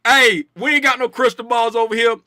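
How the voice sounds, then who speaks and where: A man's voice: extremely high pitch, fairly quick, no room sound, clean studio sound. A man hosting a casual live stream about the market, joking with his chat in loose slang and repeating himself to drive a point home. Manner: playful, animated, reads chat names aloud and shouts bits of it. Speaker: trading stream host.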